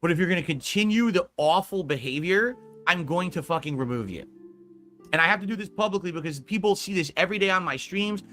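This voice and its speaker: A man's voice: high-pitched, animated, fast, fairly bright tone, soft background music. A man streaming, scolding a viewer in a profane, emphatic rant.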